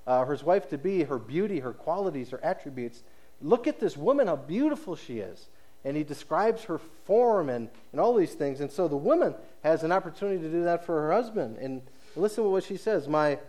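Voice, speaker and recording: A man preaching a sermon, explaining scripture and acting out the speakers' words, moving between hushed low phrases and raised emphatic ones. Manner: expository preaching, paraphrasing scripture with dramatized quotes. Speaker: pastor.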